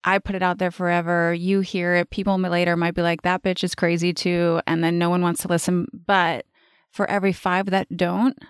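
A woman's voice: on the low side, brisk, clean tone, dry recording, clean studio sound. A woman in her forties hosting her own life-coaching podcast, talking casually, bluntly and with plenty of swearing. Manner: blunt, profane and animated. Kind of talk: casual solo podcast monologue.

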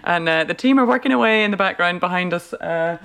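A woman's voice: lowish voice, fairly quick, gravelly, fairly bright tone, clear, resonant tone. Upbeat, giggly young woman. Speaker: guest, festival team member. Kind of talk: casual podcast chat.

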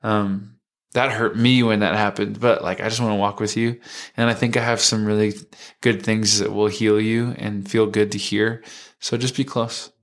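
A man speaking as a soft, reassuring divine voice, tender and close. The tone stays low-key and warm. Its pitch sits a little low for a man. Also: level tone, normal speed, natural voice. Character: gentle, tender divine voice, male.

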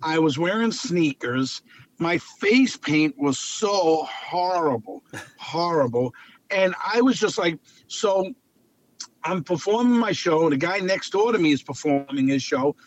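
A man, a clown telling lively stories as an interview guest and repeating phrases for emphasis. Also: on the high side, measured pace. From Long Island, New York. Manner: animated anecdotal storyteller, repeats phrases for emphasis. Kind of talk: casual storytelling interview. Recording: dull lo-fi audio.

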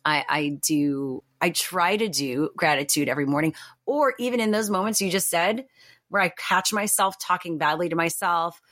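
A woman talking as a podcast guest in a reflective, animated way, with many fillers and restarts. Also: lowish voice, no echo. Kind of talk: casual podcast conversation.

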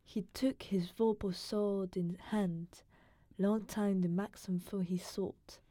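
Slow-talking mellow-voiced woman. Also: mid-range voice, steady tone, no echo. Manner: measured, self-deprecating, laughs easily. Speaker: podcast co-host. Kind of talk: poetry reading and casual chat.

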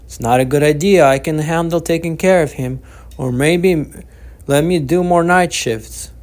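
A man's voice: on the high side, moderate pace, a little mellow, pitched above the performer's own voice, close to an everyday voice. A man voicing an anxious, eager young helper who pleads and worries, in an audiobook reading. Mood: anxious, pleading.

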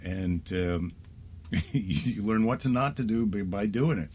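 Low-voiced comedian chatting. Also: male voice, a little slow, darkish tone, slightly rough. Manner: storytelling, acts out quoted lines. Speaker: stand-up comedian guest. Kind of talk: casual chat.

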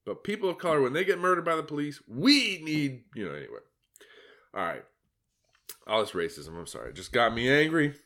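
A man's voice: fairly high pitch, big pitch swings, fairly quick, pushed and bright. A man giving sarcastic, mocking solo commentary on his own article, laughing at his own jokes.

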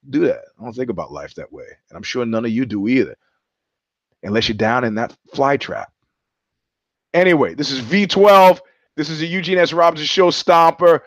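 A man's voice: mid-range voice, animated, normal speed, no echo. A man hosting his own live-stream show, talking in a wry, rambling way and laughing often. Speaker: host. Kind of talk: solo live-stream monologue. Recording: slightly dull live-stream audio.

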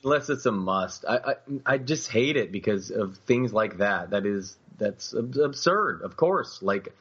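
A man co-hosting a podcast, agreeable and halting, chatting casually. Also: lowish voice, lively intonation, fairly bright tone, slightly rough, lo-fi sound. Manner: agreeable, halting with repeated restarts. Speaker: podcast co-host. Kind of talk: casual chat.

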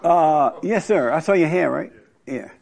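A man's voice: a little high, lively intonation, measured pace, gravelly, a little mellow, a little hiss or hum. A man leading a casual group discussion, speaking in an encouraging, preacher-like way. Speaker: group leader.

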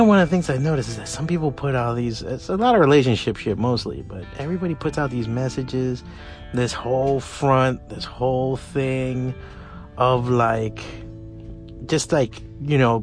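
A man hosting a solo podcast in a casual, rambling rant, swearing freely and climbing to heated emphasis. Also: medium pitch. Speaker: podcast host.

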